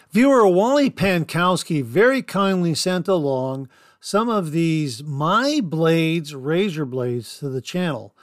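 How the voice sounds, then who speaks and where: A man's voice: a little high, dry recording, clean studio sound. A man hosting a podcast, reviewing a product in casual, enthusiastic chat and often repeating words for emphasis. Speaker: podcast host.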